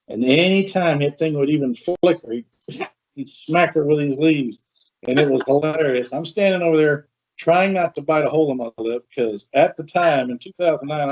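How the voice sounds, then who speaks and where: A man hosting a podcast, chatty and animated as he tells a story with asides. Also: on the high side. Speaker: podcast host. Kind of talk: casual storytelling. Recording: dull lo-fi sound.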